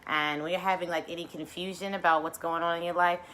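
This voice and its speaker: A woman hosting a casual mindfulness livestream, bubbly and excitable, talking straight to her viewers. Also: fairly low pitch, fast talker, a little hiss or hum.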